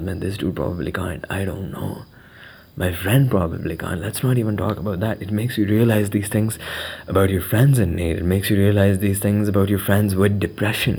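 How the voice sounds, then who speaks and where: A man's voice: on the low side, husky. Musing young man. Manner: musing, mixes in Urdu phrases, drops into hushed whispers. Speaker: podcast host. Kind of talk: reflective monologue.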